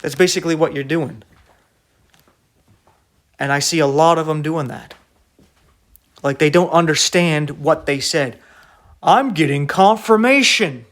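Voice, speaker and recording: A man's voice: a little high, fairly even intonation, measured pace, pauses often, a bit bright. A man preaching an online sermon in an emphatic, rebuking way, full of rhetorical questions.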